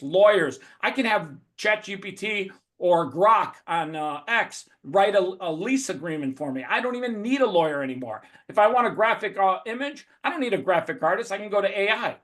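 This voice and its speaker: High-voiced, profane motivational man. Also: expressive, normal speed, hardly any pauses, fairly bright tone. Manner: blunt, profane, emphatic. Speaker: guest speaker. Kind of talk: motivational talk. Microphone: video call.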